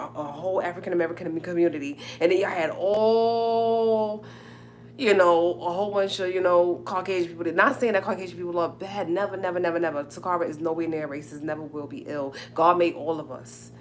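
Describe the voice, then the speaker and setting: A woman's voice: on the low side, steady tone, quick pace, a little hiss or hum. A woman hosting a live stream, talking straight to her viewers in an emphatic, repetitive way.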